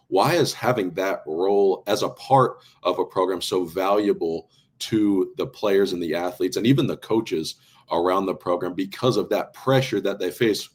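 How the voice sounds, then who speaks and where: Low, husky-voiced male podcast host. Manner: earnest, long-winded questions. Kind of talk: interview questions.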